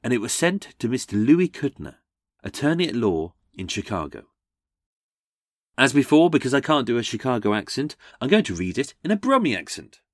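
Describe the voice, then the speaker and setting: A man's voice: medium pitch, sing-song, normal speed, no room sound, studio quality. A man hosting a comedic true-crime podcast, sardonic with jokey asides. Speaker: podcast host.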